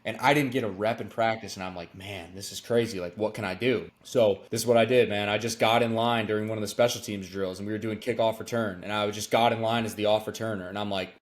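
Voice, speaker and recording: A young man, a podcast guest, telling stories in casual slangy chat, excited and acting out quotes with jumps in his voice. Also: lowish voice, fast, few pauses. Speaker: podcast guest, former quarterback.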